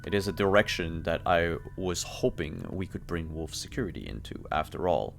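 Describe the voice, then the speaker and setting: A man's voice: low voice, moderate pace, creaky, a little hiss or hum. A man voicing a smug male corporate executive who speaks in a cold, condescending way during a tabletop game. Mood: pitching.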